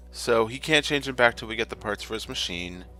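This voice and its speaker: This gamer and channel host has a medium-pitched, sharp-toned voice. He narrates his play in a loose, rambling, joking style, regularly stopping to correct himself mid-sentence as he gives casual let's-play commentary.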